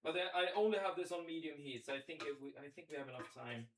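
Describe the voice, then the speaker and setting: A man's voice: on the high side, lively intonation, fast talker, background noise. Chatty man cooking on a livestream. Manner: chatty, thinks aloud, answers chat. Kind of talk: casual live commentary while cooking. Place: home kitchen.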